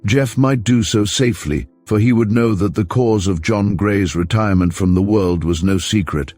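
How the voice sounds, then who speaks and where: Deep-voiced male audiobook narrator. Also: moderate pace, few pauses, darkish tone, faint music behind.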